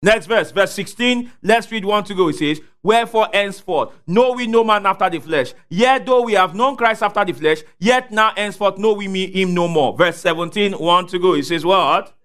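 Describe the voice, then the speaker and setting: A man preaching a sermon, calling out questions for the congregation to answer and rising to shouts at the peaks. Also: high voice, moderate pace, few pauses. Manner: call-and-response preaching, asks congregation to fill in words.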